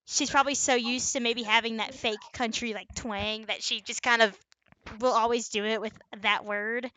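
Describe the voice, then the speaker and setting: A young woman co-hosting a podcast in casual chat, chatty and quick to laugh. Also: on the high side, fairly even intonation, bright, forceful tone, dry recording. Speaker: podcast co-host.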